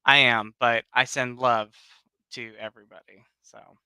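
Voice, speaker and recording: A man with a very bright, smooth voice, chatting casually on a livestream. He greets his viewers by name in an affectionate, gushing way. The sound is close and dry. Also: medium pitch, steady tone, a little slow, no echo, rough recording. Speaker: livestream host. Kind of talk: casual chat.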